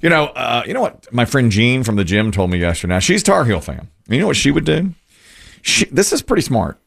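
A man co-hosting a casual radio show, telling long animated stories and jumping into squeaky voices for the people he quotes. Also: fairly quick, creaky, husky. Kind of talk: casual morning radio banter.

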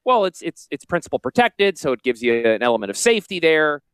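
A man with a Northern US Yankee accent, a financial advisor hosting a casual promotional podcast with salesy, jokey asides and a high-pitched voice. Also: big pitch swings, a little fast, smooth, no room sound. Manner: self-described high-pitched voice. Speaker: financial advisor and radio host.

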